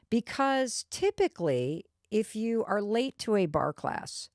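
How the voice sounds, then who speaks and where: A woman host tells a personal story, leaning in with lively, confiding energy and frequent asides to the listener. Her voice sits in a middle range and sounds dry and close to the mic. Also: mid-range voice, clear, resonant tone, no echo.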